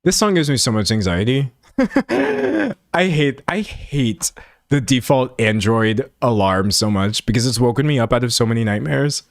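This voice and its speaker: A man chatting casually on a livestream, animated and laughing often. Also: mid-range voice, moderate pace, no echo, clean studio sound. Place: home streaming setup in front of a pink backdrop.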